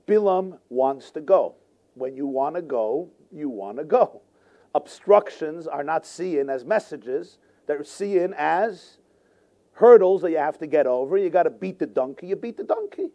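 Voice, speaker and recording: A man, a rabbi, teaching a Torah class in an animated way, full of rhetorical questions and repetition. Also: sits high, dull audio.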